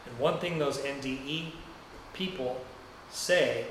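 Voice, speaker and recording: A man's voice: medium pitch, slow, fairly bright tone, slight background noise. A man preaching a sermon in a church, telling a story in a loose, conversational and rambling way. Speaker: pastor. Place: church sanctuary. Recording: very echoey room heard from a distance.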